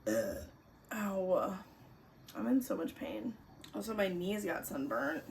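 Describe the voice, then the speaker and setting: Her medium-pitched, darkish voice swings widely in pitch as she takes her time. A young woman reads and chats in her bedroom for a book vlog, giggling and reacting dramatically, with music under a distant mic and a little hiss or hum.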